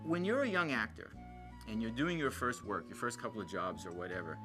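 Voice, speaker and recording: A man's voice: lowish voice, big pitch swings, fairly quick. A male actor giving a reflective interview, with frequent hesitations. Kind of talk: interview recollection. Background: music.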